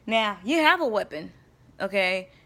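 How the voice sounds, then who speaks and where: Talking to camera about her faith, this woman vlogger keeps things chatty and emphatic and checks in with her listeners often. Her mid-range voice has lively intonation and a fairly bright tone, and she takes her time.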